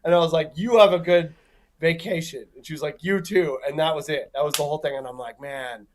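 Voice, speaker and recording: There's slight noise behind this quick-talking comedian, whose voice runs a little high. As a talk show guest, he spins an animated yarn full of swearing, mimicking the people he describes.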